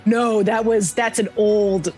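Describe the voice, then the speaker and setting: A woman's voice: medium pitch, steady tone, slow, darkish tone, soft background music. A young woman chatting casually on a podcast, telling stories animatedly and acting out quotes with laughter. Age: young adult. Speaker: podcast guest. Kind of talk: casual chat.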